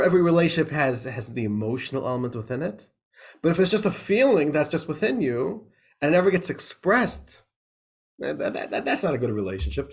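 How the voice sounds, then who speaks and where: A man, a rabbi, teaching an informal class, talking in a chatty way with laughs, many restarts and questions like "right?". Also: fairly high pitch. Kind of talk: informal class lecture with a joke.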